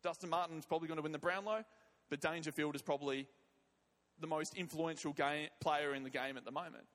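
High-voiced preacher man in a hall. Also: steady tone, brisk, a bit bright. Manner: emphatic, repeats words and phrases. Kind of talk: sermon with prayer. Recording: long reverb of a large hall.

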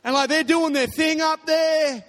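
High-voiced man preaching in a hall. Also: unhurried. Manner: animated storytelling, bursts into shouting. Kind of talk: sermon. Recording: long reverb of a large hall.

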